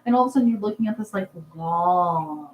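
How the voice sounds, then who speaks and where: A woman's voice: medium pitch, lively intonation, brisk, echoey room, highs cut off, a little hiss or hum. A young woman hosting a casual livestream, chatting and answering comments in a rambling, filler-heavy way. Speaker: livestream host, rabbit breeder. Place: dark barn at night.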